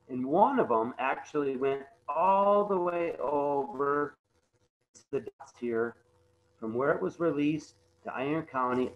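A man giving a conservation talk over slides, halting often and repeating words with many fillers. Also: mid-range voice, a bit bright, highs cut off, a little hiss or hum. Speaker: conservation presenter. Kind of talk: webinar slide presentation.

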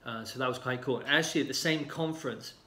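A man in casual talk, explaining calmly with many fillers and sometimes acting out other people's lines. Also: medium pitch, quick pace. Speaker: healing coach. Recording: roomy echo.

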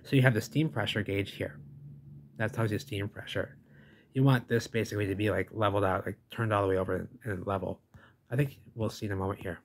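A man's voice: on the low side, fairly even intonation, quick pace, vocal fry. A man giving casual, rambling reaction commentary on a video, enthusiastic and chatty, calling listeners "folks" and "baby".

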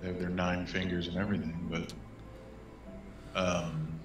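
A man's voice: low voice, level tone, unhurried, music in the background. A man playing a character in a tabletop game, dry and sarcastic. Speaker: player. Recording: echoey muffled room mic.

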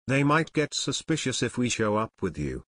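A man voicing a brisk teenage boy detective. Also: medium pitch, very animated, a bit bright, dry recording, clean studio sound. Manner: brisk and decisive.

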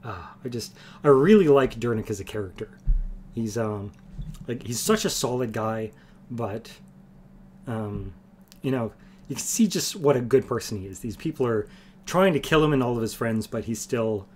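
A man's voice: medium pitch, animated, moderate pace, darkish tone. Guy reading a fantasy book on stream, earnest, bit of hum. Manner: earnest, easygoing between chapters. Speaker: reader. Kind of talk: reading a novel aloud on a livestream.

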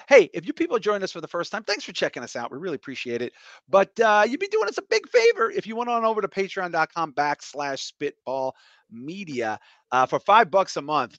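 Male podcast host, slightly higher voice, loose profane banter; dry, muffled home mic. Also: a bit bright, no echo. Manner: loose, profane, rambling with fillers. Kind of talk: casual podcast chat.

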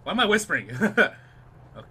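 A young man doing live let's-play commentary on his gameplay, excitable and profane, dropping to a whisper while sneaking. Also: medium pitch, normal speed, breathy edge.

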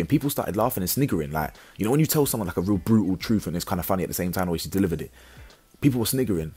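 Husky man recapping bluntly. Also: deep voice, rapid-fire, faint music behind. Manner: blunt, animated, slang-heavy, stumbling restarts. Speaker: reality TV reviewer. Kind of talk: casual recap commentary.

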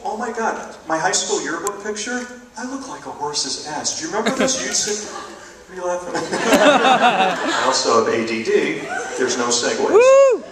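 A man doing a stand-up comedy routine in a college auditorium, animated and jumping between bits with mock outrage, with the audience laughing behind him. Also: on the high side, very noisy. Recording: echoey hall taped from far off, audience laughter.

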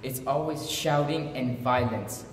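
A man's voice: mid-range voice, a little slow, lightly acted. A male performer playing a desperate teenage son who pleads earnestly with his mother in a stage monologue. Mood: pleading. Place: school auditorium. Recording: echoey hall, mic far off.

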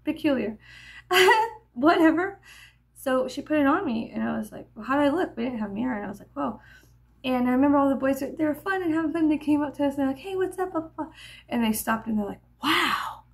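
A woman rambles through a get-ready-with-me story, pausing on fillers and slipping into whispers. Her voice sits a little high, with a gravelly fry running through it. She speaks in the loose, meandering way of a vlogger. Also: lively intonation. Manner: meandering, many fillers, drops into soft whispers.

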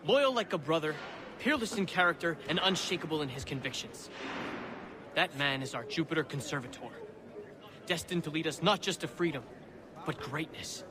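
A man's voice: on the high side, animated, normal speed, close to an everyday voice. Man doing a scheming jailed forger, video game cutscene, wry and lecturing, busy crowd behind. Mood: scornful. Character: scheming middle-aged imprisoned male colonial forger.

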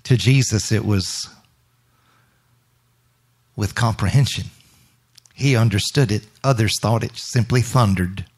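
A man's voice: lowish voice, measured pace, pauses often, darkish tone, breathy edge. A male minister giving a spontaneous, reflective sermon during worship and quoting scripture.

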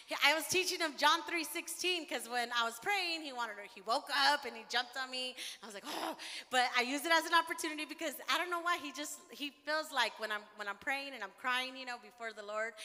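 High, bright-voiced woman preaching passionately. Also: big-room sound. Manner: passionate preaching, rising to shouts. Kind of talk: sermon. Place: church sanctuary.

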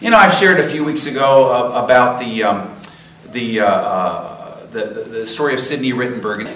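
A man's voice: medium pitch, lively intonation, moderate pace, bright, forceful tone, slight background noise. Male minister preaching in an echoey church. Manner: conversational storytelling with chuckles. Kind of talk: sermon. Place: church sanctuary. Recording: roomy echo, from far off, faint ambience.

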